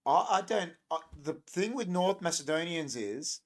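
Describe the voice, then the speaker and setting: A man's voice: fairly high pitch, animated, normal speed. Rambling man on a livestream. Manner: rambling, joking, reacting to chat comments. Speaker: livestream host. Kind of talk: casual live-stream chat.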